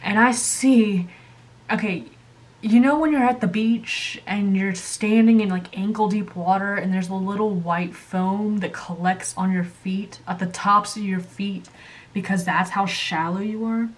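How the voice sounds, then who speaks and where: A woman hosting her channel, telling a story casually while coloring, animated and chatty, jumping up in pitch when she acts out quotes. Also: unhurried. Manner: chatty, many fillers and asides. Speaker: channel host.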